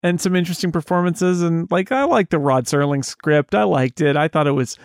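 A high-pitched man hosts a casual film discussion podcast. He is animated and slips into quoted voices to replay scenes. The sound is dry and close. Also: a little fast, dry recording. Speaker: podcast host.

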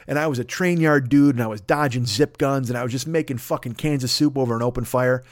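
A man's voice: mid-range voice, fast talker, dry recording, clean studio sound. A man in his fifties telling a rambling, crude comic monologue as a podcast host. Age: 50s. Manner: rambling, crude, animated storytelling.

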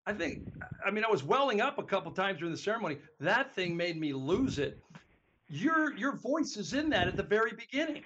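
A man's voice: high-pitched, sing-song, a little fast, fairly bright tone, dull audio, a little hiss or hum. A man hosting an interview, eager and heartfelt as he asks about stories. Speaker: host. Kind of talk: casual interview.

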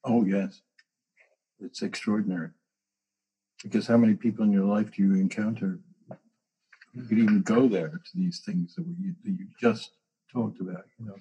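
A man with a gravelly, very raspy voice telling stories with animated, dramatic asides in a casual spiritual conversation. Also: lowish voice, normal speed, pauses often.

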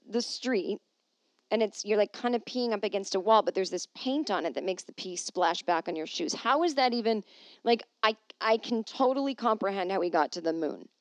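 A woman hosting a comedy podcast from home, moving between reading aloud and quick sarcastic asides. Her voice sits at a middle pitch, and the animated delivery is recorded dry and close. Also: dry recording. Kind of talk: casual comedic monologue.

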